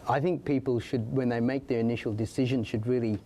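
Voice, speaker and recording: A man, a medical specialist, answering audience questions in a meeting room in a measured, explanatory way. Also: medium pitch, fairly even intonation, mellow, a little hiss or hum. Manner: measured, explanatory, some restarts. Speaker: urologist presenter.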